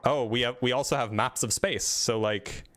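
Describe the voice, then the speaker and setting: A man's voice: mid-range voice, fairly even intonation, a bit bright. Chatty, self-deprecating male streamer. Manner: quick, chatty, self-deprecating, restarts often. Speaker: debate stream host. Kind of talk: casual live-stream chat.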